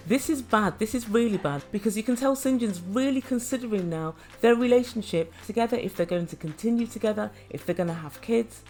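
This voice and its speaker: Woman, higher voice, opinionated reality-TV recap, chatty, faint music underneath. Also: a little mellow. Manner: chatty and judgmental, addresses viewers as guys.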